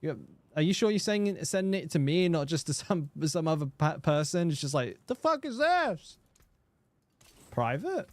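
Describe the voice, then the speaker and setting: Man streaming, slightly higher voice, dry close sound, sweary and casual. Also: a little fast, a little mellow, dry recording. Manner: casual, swears freely, chats with viewers; stammers and repeats words. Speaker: game streamer. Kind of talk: casual live-stream chat.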